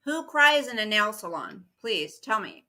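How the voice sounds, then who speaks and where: Middle-aged woman rambling on her livestream, chatty, says hi to viewers mid-story, bright voice. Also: medium pitch, sing-song, a little slow. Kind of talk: casual livestream chat.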